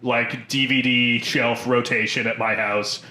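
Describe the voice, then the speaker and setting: A man's voice: medium pitch, steady tone, measured pace, bright, forceful tone, echoey room. A man in his twenties co-hosting a podcast, chatting casually with exasperated, swearing asides. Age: 20s. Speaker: podcast co-host. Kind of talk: casual chat.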